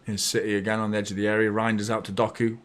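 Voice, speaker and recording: A man hosting a live match watchalong, chatty and blunt, bursting into excited shouts when his team scores. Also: fairly low pitch, rapid-fire. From north of England. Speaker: fan channel host.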